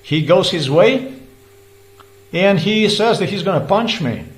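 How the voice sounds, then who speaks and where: A man's voice: sits high, lively intonation, a little slow, low-quality recording. A man giving an agitated personal account, talking in repetitive restarts and swearing when heated. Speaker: vlogger recounting a roadside dispute.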